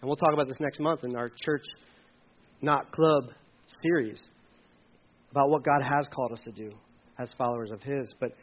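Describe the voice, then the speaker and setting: A man preaching a sermon as pastor, swinging from loud, high emphasis to quiet, low asides and acting out the voices of churchgoers. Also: steady tone, normal speed, long pauses, highs cut off. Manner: acts out quoted voices of churchgoers.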